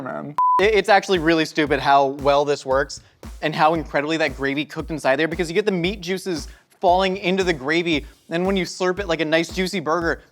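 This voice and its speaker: A young man hosting a cooking show, joking with his crew as he demonstrates a recipe. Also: on the high side. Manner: jokey, excitable, talks to the crew.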